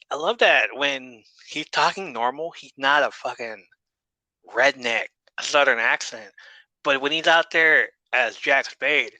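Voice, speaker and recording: Bright-voiced man recapping casually. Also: mid-range voice, a little slow, dry recording, low-quality recording. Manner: laid-back, swears casually, laughs often. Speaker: podcast host.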